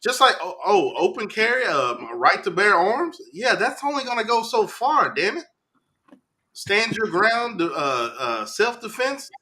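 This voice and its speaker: A man's voice: high voice, very animated, a little slow, bright, forceful tone. A man co-hosting a podcast, blunt and emphatic and swearing casually. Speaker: podcast co-host. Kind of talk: casual chat.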